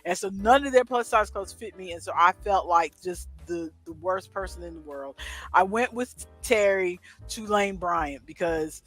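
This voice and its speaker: A woman's voice: on the low side, moderate pace, a bit bright, soft background music. A middle-aged woman co-hosting a casual chat, telling a story with chatty asides. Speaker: co-host.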